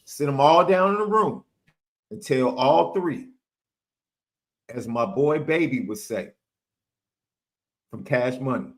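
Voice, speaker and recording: A man's voice: mid-range voice, expressive, takes it slowly, pauses often. A man co-hosting a sports podcast, talking emphatically and repeating phrases for effect. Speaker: podcast co-host. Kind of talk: animated sports talk.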